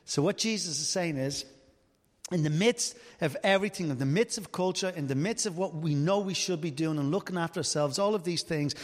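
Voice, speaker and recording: A man's voice: a little high, big-room sound. A middle-aged man preaching a sermon as pastor, earnest and full of rhetorical questions.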